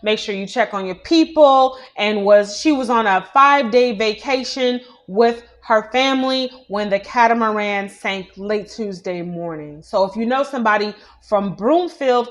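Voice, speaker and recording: Woman news host, fairly high voice, chatty, opinionated, casual commentary. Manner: chatty, opinionated, with many "you know" asides.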